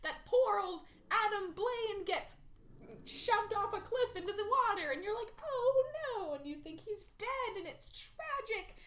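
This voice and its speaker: A woman's voice: extremely high pitch, unhurried. A young woman podcast host casually recapping an old film and acting out the characters' lines. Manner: animated storytelling with acted-out quotes.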